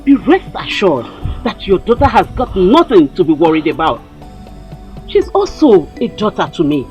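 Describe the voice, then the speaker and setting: An actress with a Nigerian accent playing a calm, reassuring middle-aged mother. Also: lowish voice, moderate pace, lo-fi sound, faint music behind. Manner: soothing, reassuring. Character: calm, assured noblewoman mother. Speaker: mother of Obiora. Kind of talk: film drama acting.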